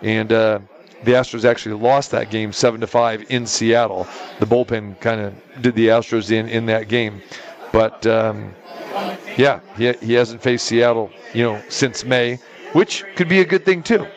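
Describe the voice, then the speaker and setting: A man's voice: medium pitch, steady tone, moderate pace. A man co-hosting a sports betting talk show, reeling off stats casually with many fillers. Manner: lots of "uh" fillers, reels off stats.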